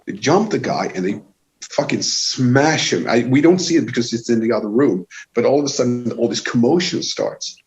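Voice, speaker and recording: A man from Sweden with a Swedish accent, a guest telling a lively anecdote in casual chat and swearing freely. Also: mid-range voice, normal speed. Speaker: guest musician. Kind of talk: casual storytelling. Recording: dull lo-fi sound.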